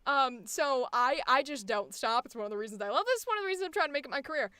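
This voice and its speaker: A woman's voice: high voice, animated, fast, bright, forceful tone, no echo. A woman coaching voice acting, rambling cheerfully, swearing freely and laughing often as she talks. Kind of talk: casual coaching chat.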